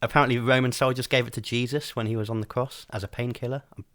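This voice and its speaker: A man's voice: mid-range voice, steady tone, quick pace, a bit bright, no echo, clean studio sound. A man co-hosting a podcast, chatting casually and hesitantly with many ums. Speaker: podcast co-host. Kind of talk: casual chat.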